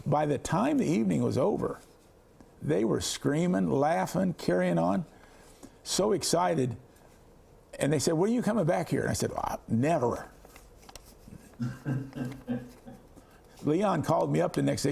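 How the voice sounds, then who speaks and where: Older man from Kansas, science educator, interview storyteller. Gravelly, husky voice. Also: on the high side. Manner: animated anecdotes, acting out the voices of others.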